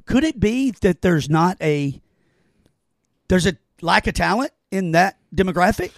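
A man hosting a podcast talks in a high, lively voice that leaps up and down as he gets excited. He repeats himself and stumbles when he presses a point. His voice sounds dry and close to the mic. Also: unhurried, creaky, no room sound. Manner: animated, excitable, stammers when making a point. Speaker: podcast host. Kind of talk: casual chat.

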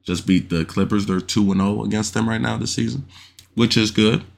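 A young man hosting a solo podcast, telling stories in casual slang with swearing and acting out other people's shouts. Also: normal speed, gravelly. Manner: animated storytelling, acts out other people's shouts in a high voice; swears freely, uses slang fillers like "you know what I'm saying". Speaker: podcast host.

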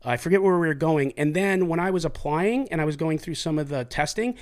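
A middle-aged man, a former police officer hosting a show, telling stories in a blunt, profane, animated way. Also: on the high side, a little fast. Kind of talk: casual storytelling chat.

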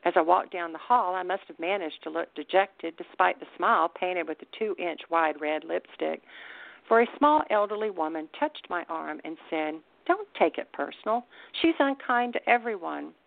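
A woman author reads her own first-person story with wry, deadpan humor. Her voice is low and gravelly. The sound is dry and thin, like a phone line. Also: moderate pace, dry recording. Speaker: author reading her book.

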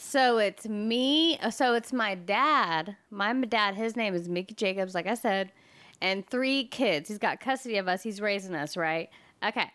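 A woman's voice: medium pitch, measured pace, a bit bright, no room sound. A woman from Texas, a podcast guest, telling a story in blunt, swearing casual talk.

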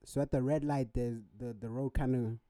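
A man's voice: medium pitch, fairly even intonation, moderate pace, warm tone, no room sound, clean studio sound. Laid-back young man telling a story. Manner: laid-back slangy storytelling, says bro. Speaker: podcast co-host. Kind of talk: casual chat.

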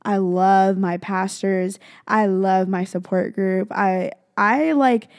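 A woman's voice: medium pitch, steady tone, slow, darkish tone, no echo, clean studio sound. A young woman hosting a podcast, chatting in a gushing, rambling way full of "like" and "freaking". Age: young adult. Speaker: podcast host. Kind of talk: casual confessional chat.

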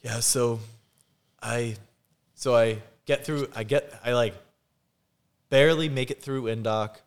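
Animated man telling a story. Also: mid-range voice, measured pace. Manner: animated, acts out quotes, laughs often. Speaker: guest. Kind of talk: casual storytelling.

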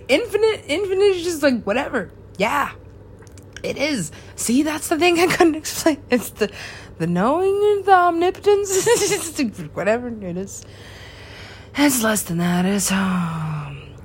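A woman's voice: a little high, big pitch swings, unhurried, a little hiss or hum. A woman talking in a rambling monologue, laughing often and dropping to whispers now and then.

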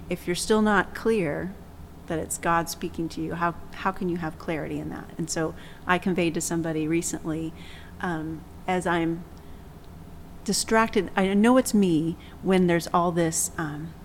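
A woman hosting a faith discussion, speaking calmly and reflectively and reading from scripture. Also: on the low side, moderate pace, a little hiss or hum, rough recording. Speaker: podcast host.

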